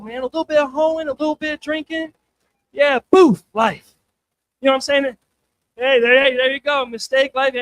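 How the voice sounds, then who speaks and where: A man's voice: very high-pitched, fairly bright tone. A male stand-up comedian at an open mic night, rambling and crude, tossing in "man" constantly, on a handheld stage mic.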